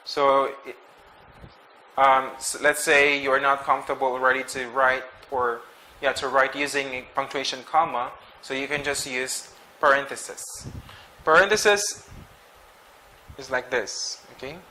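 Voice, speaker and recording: This man's voice is medium in pitch, fairly even in intonation, and sharp in tone, with slight background noise on a rough recording. Teaching grammar as an English teacher, he goes slowly and patiently, asks "okay?" often, and breaks off mid-phrase to correct himself.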